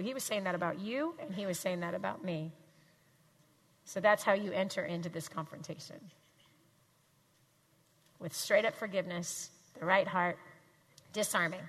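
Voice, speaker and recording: A woman teaching a room full of people in an emphatic, animated way, pausing to have them repeat her lines back. Her voice is bright and forceful, and it rings with a long reverb through a big hall. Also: mid-range voice. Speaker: speaker teaching a live audience. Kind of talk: faith-based teaching talk. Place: large hall with audience.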